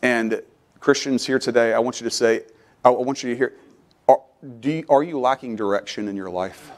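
Preacher building to a shout. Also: male voice. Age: middle-aged. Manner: builds from quiet to loud preaching, rising in pitch as he presses. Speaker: pastor. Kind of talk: sermon. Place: church sanctuary.

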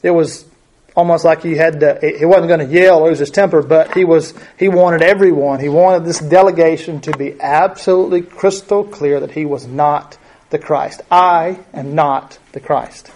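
A man's voice: on the high side, steady tone, moderate pace, a little mellow. A man teaching a Bible study lesson, reading verses aloud and explaining them in a conversational way, with many fillers and rhetorical questions.

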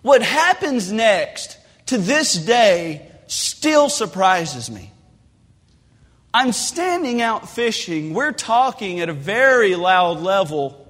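A man preaching a sermon in a church, telling folksy stories with lively asides. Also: sits high, slow pace. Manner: animated storytelling with folksy asides. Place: church sanctuary. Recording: long hall reverb.

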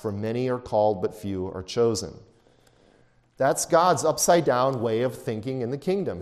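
A man's voice: medium pitch, a little mellow. Preaching man in a reverberant hall. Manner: expository preaching, reads scripture then explains it; acts out quoted voices, snooty for the Pharisee. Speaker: pastor. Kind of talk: sermon.

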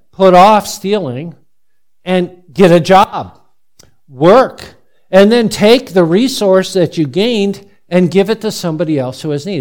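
A middle-aged male pastor preaching a sermon, animated and asking the congregation many questions. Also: high-pitched.

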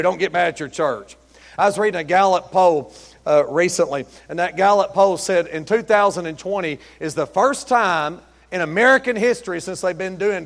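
A middle-aged man preaching a sermon as pastor, folksy and storytelling, rising to loud emphatic peaks. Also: high-pitched, big-room sound. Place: church sanctuary.

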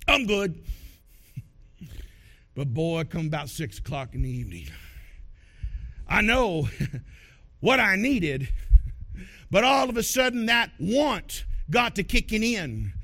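A male pastor delivers his sermon as a folksy, animated story. His voice sits very high for a man, bright and sharp, and swings widely, with shouted bursts for emphasis. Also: measured pace, pauses often.

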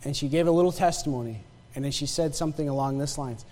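High-voiced preacher in an echoing hall. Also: male voice, fast, dark tone. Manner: conversational, stammering restarts, repeats phrases for emphasis. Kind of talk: sermon with personal testimony. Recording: long hall reverb.

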